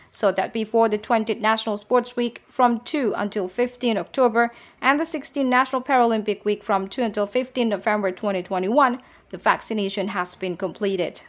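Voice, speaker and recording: A woman reading a formal news bulletin in a measured way. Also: medium pitch. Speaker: news presenter.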